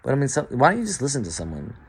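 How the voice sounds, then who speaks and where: A man with a husky, mid-range voice talks rapid-fire to the camera, his pitch swooping wildly. He rambles in a profane, stream-of-consciousness way, stumbling and restarting sentences, shifting from muttered asides to emphatic outbursts.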